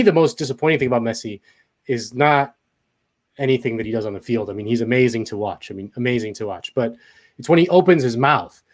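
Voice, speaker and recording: A man's voice: medium pitch, a little mellow. A man talking casually as a guest, hesitant, with many fillers and restarts. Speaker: guest commentator. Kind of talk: casual conversation.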